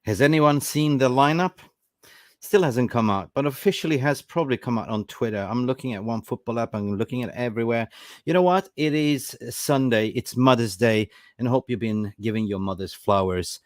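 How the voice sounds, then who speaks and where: A man hosts a live football chat show, upbeat and hyping his panel. His voice sits at an everyday middle pitch, recorded close and dry with no room sound. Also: brisk, no room sound. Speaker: host.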